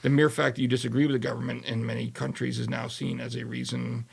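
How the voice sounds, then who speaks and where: Guy hosting a talk show, really gravelly voice, trails off and restarts a lot. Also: mid-range voice, little pitch movement, fast talker. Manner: hesitant, restarts, thinks aloud. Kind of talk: casual panel discussion.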